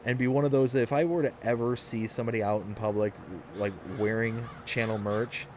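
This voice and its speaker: Male stream host from Michigan, mid-pitched, loose rambling chat, faint background hum. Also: fairly even intonation, a little fast, a little mellow. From Michigan, USA. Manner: rambling, anecdotal, frequent restarts. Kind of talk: casual chat while streaming a game.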